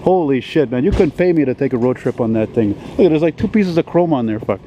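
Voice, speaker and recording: A man, dropping words now and then. He rambles and swears as he walks along a city street with a handheld camera. His voice is mellow and dark, with faint traffic behind him. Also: mid-range voice, expressive, a little fast, dull audio. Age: 40s. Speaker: vlogger. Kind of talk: rambling walk-and-talk vlog. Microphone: handheld camera while walking.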